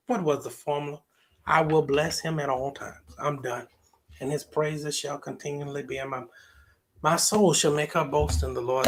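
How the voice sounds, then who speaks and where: A pastor preaches a sermon in a medium-pitched, husky voice, trading call-and-response asides with the congregation. He draws out scripture quotes in a sing-song style.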